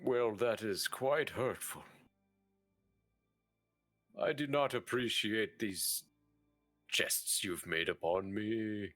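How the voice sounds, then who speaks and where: A man's voice: on the low side, slow pace, long pauses, fairly bright tone, dry recording, faint music behind. A man playing a stiff, formally spoken, sleepy warrior in a tabletop game. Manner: stilted formal speech.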